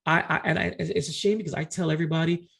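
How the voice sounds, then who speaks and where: A middle-aged man, a podcast co-host, telling a personal story in casual chat, animated and acting out conversations with frequent restarts. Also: on the high side, racing, gravelly, breathy edge.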